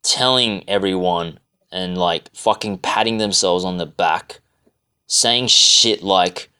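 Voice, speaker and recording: A man's voice: low-pitched, slow pace, bright, forceful tone, clear, resonant tone. An Australian man delivering a rambling, profane, exasperated rant to camera, full of fillers and restarts. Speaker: vlogger. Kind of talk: ranting monologue.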